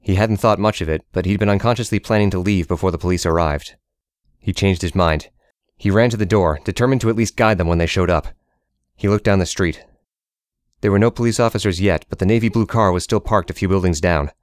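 A man narrating an audiobook in a steady, measured reading. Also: sits low, dry recording, clean studio sound.

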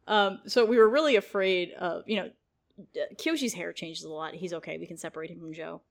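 A woman's voice: fairly low pitch, brisk, creaky. A young woman chatting casually as a podcast co-host, rambling and laughing often. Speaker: podcast co-host, series writer. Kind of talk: casual chat.

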